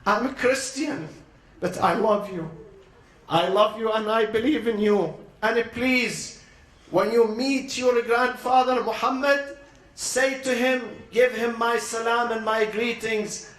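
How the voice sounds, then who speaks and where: A man voicing an older Christian priest who grieves and pleads earnestly and slowly. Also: extremely high pitch, a bit bright, exaggerated voice. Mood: tender. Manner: earnest, slow, imploring. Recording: roomy echo.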